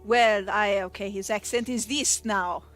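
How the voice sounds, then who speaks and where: A woman runs a tabletop game as its game master. She narrates in a chatty, self-deprecating way at a middling pitch. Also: fairly even intonation, measured pace, fairly bright tone, soft background music.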